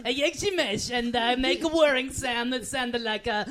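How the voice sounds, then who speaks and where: A man's voice: very high voice, moderate pace, crowd noise. A man doing a bad impression of a cheerful foreign man, in broken English with a sing-song lilt. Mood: goofy.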